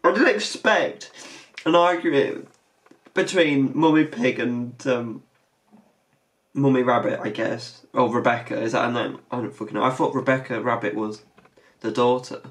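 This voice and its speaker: Swearing and repeatedly dissolving into helpless laughter, a woman gives casual reaction commentary as host of a reaction video. She speaks at normal speed in a rumbling low voice.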